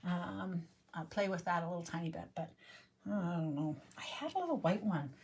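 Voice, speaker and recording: She speaks on the low side, with an expressive, slightly mellow voice at a moderate pace, and there's a little background noise. Hosting a card-making livestream, she chats and rambles casually, humming and singing as she stamps and colours.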